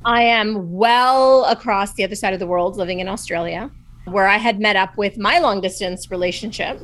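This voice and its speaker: A woman's voice: mid-range voice, moderate pace, poor audio. Chatty woman telling her story. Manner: animated, chatty, full of fillers like "like" and "you know". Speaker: podcast guest. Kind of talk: casual storytelling chat. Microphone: video call.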